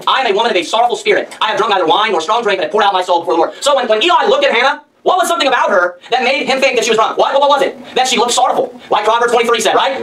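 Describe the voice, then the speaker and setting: A man preaches a sermon at a breakneck pace, his voice pitched very high. He hammers his points home with rhetorical questions and reads scripture aloud. He sounds set back from the mic, with a faint noise underneath. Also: fairly bright tone, distant mic, rough recording.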